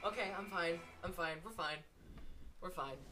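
A woman giving live gameplay commentary from home, excitable and swearing, drifting into self-mocking asides between plays. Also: lowish voice, normal speed, heavy background noise. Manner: excitable, swearing, shrieks at game moments. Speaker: gaming video creator. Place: room at home.

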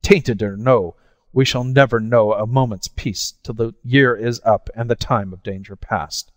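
A man's voice: medium pitch, fairly even intonation, unhurried, dry recording, in a large hall, close to an everyday voice. A man voicing a frightened, hard-drinking pirate ship's surgeon in a story reading, talking urgently. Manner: urgent, shouting.

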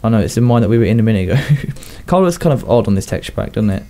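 A man's voice: fairly low pitch, sing-song, racing, warm tone. A young man with a Southern English accent rambling through casual video game commentary, chatting to himself and laughing at his own jokes. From southern England. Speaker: gaming YouTuber.

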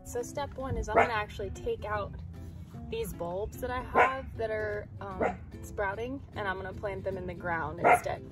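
Over loud music, a hyper American vlogger in her twenties chats casually while she gardens at home, moving between indoors and the yard. She rambles in a bubbly way, her mid-range voice at a moderate pace.

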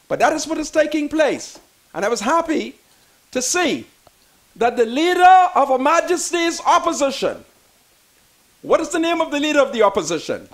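This man, Bahamian by accent, talks politics with the fervor of a preacher, echoing his own lines and eventually yelling. He sounds very high-voiced and very animated, yet he takes his time.

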